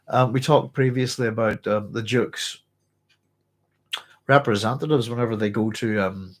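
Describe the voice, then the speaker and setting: A man hosting a live book club, chatting through a novel and readers' comments in a thoughtful, rambling way with many pauses and restarts. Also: mid-range voice, husky. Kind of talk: casual live book discussion, reading aloud and chatting.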